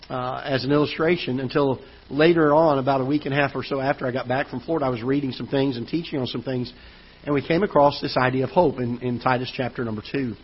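A man's voice: mid-range voice, breathy edge. A male pastor with a Midwestern American accent, preaching a sermon and telling a personal story with frequent restarts and repeated words. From United States. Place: church auditorium. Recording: dull lo-fi church broadcast audio.

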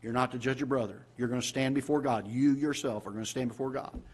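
A man pastor with a Southern American accent, preaching a sermon in a church auditorium, asking the congregation questions and swinging from loud exclamations to quiet asides. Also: mid-range voice, steady tone, quick pace, husky.

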